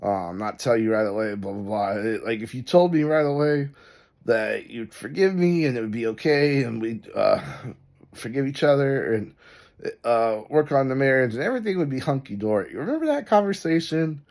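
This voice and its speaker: A man voicing an adult wife with a high, wheedling falsetto as she confesses to cheating. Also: animated, moderate pace, a little mellow, close to an everyday voice.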